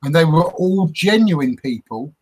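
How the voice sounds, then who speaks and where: A man's voice: a little high, animated, measured pace, crowd noise. Hesitant man chatting on a livestream. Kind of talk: casual live stream chat.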